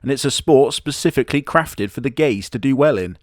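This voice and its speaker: Sardonic man narrating anime recaps with crude humor; medium pitch, dry closely miked read. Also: a little fast, dry recording. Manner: sarcastic, crude, mocking asides. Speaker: anime reviewer. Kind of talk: comedic anime commentary.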